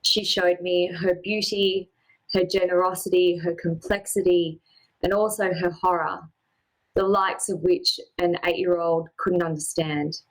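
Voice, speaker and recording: A woman performing a personal spoken-word story, with a measured, poetic and deliberate delivery. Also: fairly low pitch, little pitch movement, poor audio.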